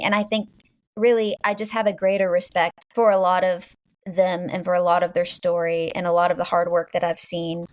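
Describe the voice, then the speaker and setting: A woman from Virginia talks in a relaxed interview with a light Southern accent. She rambles and restarts, scattering "like" through her sentences as she feels her way to each point. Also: on the low side, a little fast, no room sound. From Virginia, USA. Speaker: guest filmmaker. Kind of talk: casual interview chat.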